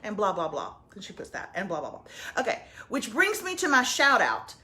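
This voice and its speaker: A woman, co-hosting a live morning show in loud, playful, teasing casual chat. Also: mid-range voice, huge pitch swings, fairly quick. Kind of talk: casual live chat, reading a viewer's message.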